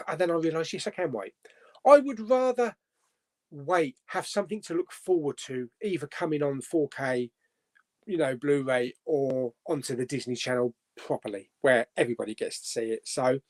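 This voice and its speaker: Chatty man with a higher voice. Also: a little mellow. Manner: chatty, laughs often, jokey. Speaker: host of a live movie chat show. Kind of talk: casual live-stream chat, reading viewer comments.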